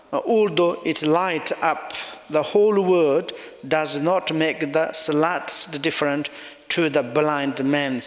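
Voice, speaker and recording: A male Buddhist teacher giving a dharma talk in halting non-native English with loose phrasing, chuckling often as he explains. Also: a little high, fairly bright tone. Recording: long reverb of a large hall.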